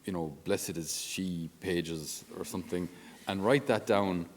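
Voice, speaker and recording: A man's voice: deep voice, measured pace, long reverb tail. A male Catholic priest giving an informal spiritual talk on his podcast in a conversational, down-to-earth way with self-deprecating humor.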